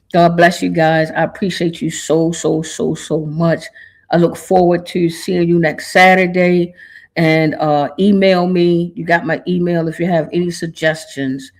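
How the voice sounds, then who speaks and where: A woman's voice: lowish voice, fairly even intonation, a little slow. A woman hosting a podcast, talking in an earnest, casual way with informal slang, holding back tears. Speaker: podcast host. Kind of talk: heartfelt podcast monologue.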